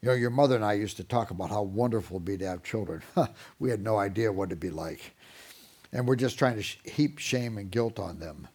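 Husky middle-aged guy preaching about raising kids, acts out the parents and kids as he goes. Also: on the low side, brisk. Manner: animated storyteller, mimics parents and kids. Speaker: Christian parenting speaker. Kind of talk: sermon-style talk with acted parent voices.

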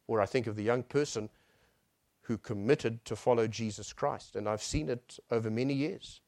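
A male preacher giving a sermon. He swells on key phrases and then drops to a near hush. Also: mid-range voice, normal speed, dry recording.

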